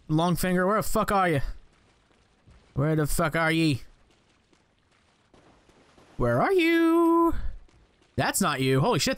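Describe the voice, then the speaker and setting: Male let's-player, high and animated, profane and jokey. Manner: profane, jokey, talks to enemies on screen. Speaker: gaming commentator. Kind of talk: casual let's-play commentary.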